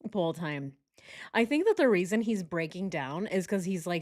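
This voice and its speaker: Chatty woman with a lower voice. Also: big pitch swings, moderate pace. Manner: chatty and joking, laughs often. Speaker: true crime commentator. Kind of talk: casual video commentary.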